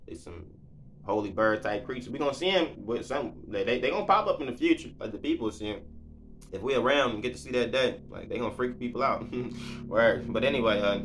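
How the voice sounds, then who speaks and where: A man teaching the Bible in a casual, folksy way, laughing often and stumbling over his words in his excitement. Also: medium pitch, a little fast, noisy background. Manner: folksy, conversational. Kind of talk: casual Bible reading and commentary.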